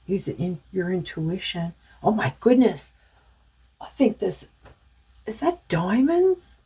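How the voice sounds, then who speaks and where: Husky woman musing through a card reading. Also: medium pitch, sing-song, slow pace, warm tone. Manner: rambling, musing, many fillers. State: losing her voice. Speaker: tarot card reader. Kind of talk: casual spiritual card reading.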